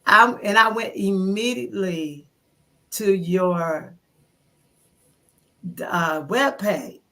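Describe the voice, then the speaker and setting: A woman in her fifties, a guest in an interview, telling her story in an animated way and acting out her own thoughts. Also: medium pitch, very slow. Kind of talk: conversational interview.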